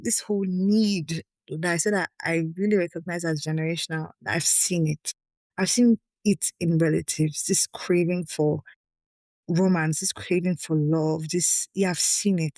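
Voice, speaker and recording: A woman's voice: sits low, a little mellow, no room sound. A woman hosting her own podcast, reading a personal article aloud and breaking off into frank, emotional asides to her listeners. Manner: candid and emotional, often breaking off to address listeners directly. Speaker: podcast host.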